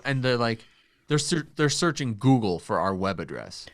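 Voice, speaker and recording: A man's voice: fairly low pitch, expressive, a little slow, fairly bright tone, no echo, clean studio sound. A man co-hosting a podcast, chatting casually and telling a story animatedly, acting out the quoted voices and laughing along. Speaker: podcast co-host; phone line worker.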